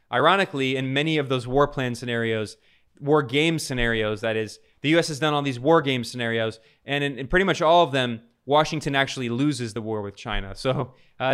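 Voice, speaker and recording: A man's voice: fairly high pitch, fairly bright tone, smooth. A man delivering an emphatic political commentary monologue, piling up long lists of charged words.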